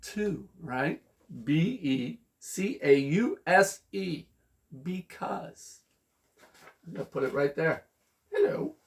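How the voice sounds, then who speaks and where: A man's fairly high voice, touched with vocal fry, carries a children's phonics lesson as he spells out words letter by letter. He keeps a slow, patient pace and a lively, sing-song delivery.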